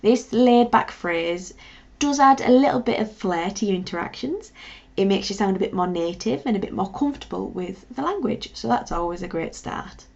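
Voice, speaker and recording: Woman language teacher, encouraging drill style, some vocal fry, muffled lo-fi audio. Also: medium pitch, lively intonation, moderate pace, a little mellow. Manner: encouraging, spells words out, repeat-after-me drills. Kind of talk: beginner language lesson. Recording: dull lo-fi sound.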